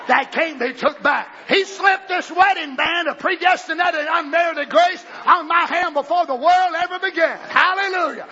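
A man preaching a fiery sermon, shouting fervently and then dropping to low, quiet asides. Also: normal speed, hardly any pauses, some chatter behind. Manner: shouts fervently, swings between loud bursts and low asides. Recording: dull lo-fi recording.

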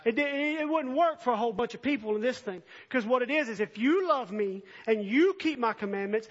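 A man preaching a sermon, moving from quiet scripture reading to earnest, impassioned appeals. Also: very high-pitched, animated, fairly quick, hardly any pauses, breathy edge. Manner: earnest, swells from soft reading to impassioned near-shouting. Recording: dull lo-fi recording.

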